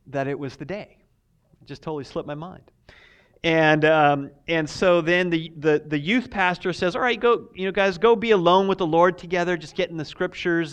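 A male pastor preaching with a high, smooth voice. He tells a personal story in a lively way, dropping to soft asides and rising to excited shouts. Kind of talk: sermon with personal testimony.

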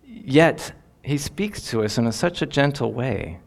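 A man's voice: mid-range voice, big pitch swings, unhurried, creaky. A man giving devotional Bible teaching in an earnest, reflective way, lingering on key phrases.

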